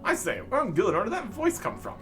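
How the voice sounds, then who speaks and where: A man's voice: sits high, huge pitch swings, fast, a bit bright, soft background music, voice pushed up, full character voice. A man voicing a pompous old dwarf with a long beard who speaks in a plummy, posh, old-fashioned English way. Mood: jolly.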